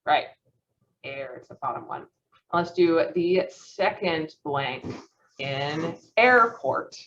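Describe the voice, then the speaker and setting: A woman's voice: low voice, expressive, slow, a bit bright. A young woman leading a phonetics practice session, encouraging and praising answers with frequent laughs. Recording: dull muffled lo-fi audio.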